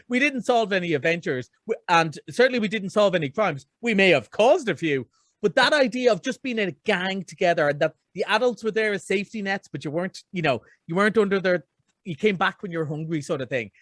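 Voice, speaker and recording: A man's voice: high-pitched, expressive, fairly quick, fairly bright tone, no echo, clean studio sound. A middle-aged man, reviewing films in an enthusiastic, rambling radio chat. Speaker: film reviewer.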